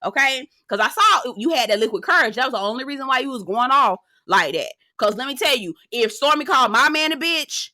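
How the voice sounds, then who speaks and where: A young adult woman reviewing a reality TV episode in a sassy, profane, animated recap, often breaking into laughter. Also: high-pitched, brisk, hardly any pauses, no echo, studio quality. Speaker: TV show reviewer.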